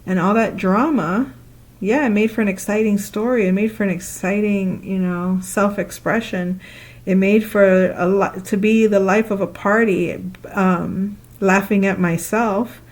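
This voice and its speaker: A woman talking casually in a spiritual monologue, animated and playful, acting out her own past thoughts with laughing asides and long loose lists. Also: mid-range voice, measured pace. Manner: repetitive listing, loose conversational phrasing. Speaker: spiritual speaker.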